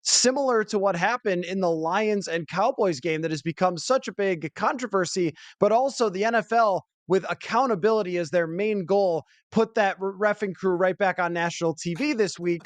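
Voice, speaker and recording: A man's voice: sits high, moderate pace, few pauses, dry recording. A man hosting a sports podcast, chatting casually and thinking aloud with asides. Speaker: podcast host.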